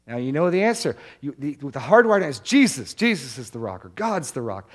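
An earnest male pastor delivers a sermon, slowing down and leaning on the words that matter. His pitch sits in an ordinary middle range, and he repeats his main points for emphasis. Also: very animated. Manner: earnest preaching, slows and stresses key words.

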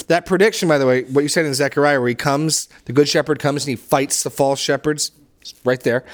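A man's voice: on the high side, steady tone, a little fast. A man leading a Bible study discussion, enthusiastic and emphatic, often restarting and repeating words as he teaches. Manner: emphatic when stressing scripture phrases.

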